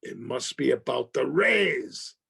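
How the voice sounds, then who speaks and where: Gravelly man telling a lively story. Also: mid-range voice, slow pace. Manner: acts out phone calls with swearing and loud exclamations. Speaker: actor interview guest. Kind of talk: animated storytelling in conversation.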